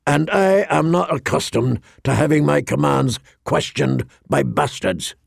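A man's voice: fairly high pitch, measured pace, gravelly, no echo, studio quality, exaggerated voice. A man reading an audiobook, voicing a harsh, scornful knight who sneers coldly. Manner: cold, sneering. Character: harsh, scornful male knight and drill master.

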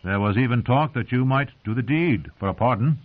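A man's voice: mid-range voice, a little fast, natural voice. A man reading aloud, voicing a stern, loyal old knight who speaks sharply, heard through narrow phone-like sound. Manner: sharp, accusing.

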